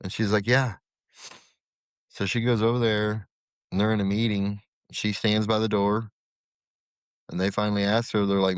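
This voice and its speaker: A middle-aged man, a former corrections officer telling his story as a podcast guest, animated and acting out the dialogue. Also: on the low side, moderate pace, long pauses, clear, resonant tone, dry recording, clean studio sound. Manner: animated, acts out quoted dialogue. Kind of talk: casual storytelling.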